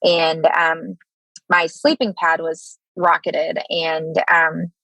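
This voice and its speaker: American woman, 30s, army veteran guest; low voice, dry close sound, halting with frequent restarts. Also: flat delivery, creaky, pushed and bright, dry recording, poor audio. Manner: halting, many fillers and restarts. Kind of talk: candid interview storytelling.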